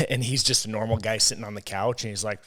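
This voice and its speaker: A man's voice: lowish voice, steady tone, fast talker, a bit bright. A young adult man co-hosting a podcast in casual, profane, rambling chat. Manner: profane, rambling, laughs often. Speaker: podcast co-host.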